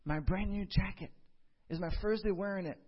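Animated preacher man, lo-fi sound. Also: high-pitched, moderate pace, slightly rough. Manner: animated storytelling, acts out dialogue. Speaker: pastor. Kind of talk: sermon with personal story.

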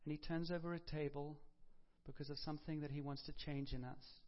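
Male preacher, high voice, urgent and fervent sermon delivery, dull muffled sound. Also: little pitch movement, a little fast. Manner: impassioned, swinging from loud urgent appeals to quiet reflective prayer.

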